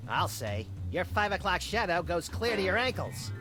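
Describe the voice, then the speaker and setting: A man's voice: sits high, sing-song, moderate pace, over music. An actor playing a manic male cartoon rabbit who trades snappy wisecracks in a game. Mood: wisecracking.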